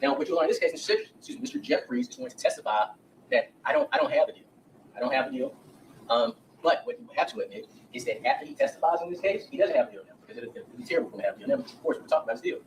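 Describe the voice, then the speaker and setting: Talking rapid-fire with huge pitch swings, a man with a high voice and vocal fry gives a defense opening statement, speaking to the jury directly and voicing witnesses' words. It's recorded from a distance in low quality, with a little hiss or hum.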